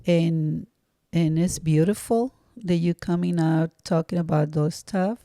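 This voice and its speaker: Deep-voiced, sincere prayerful woman. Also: steady tone, dark tone, no room sound, clean studio sound. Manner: sincere, prayerful, slightly halting. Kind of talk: heartfelt encouragement.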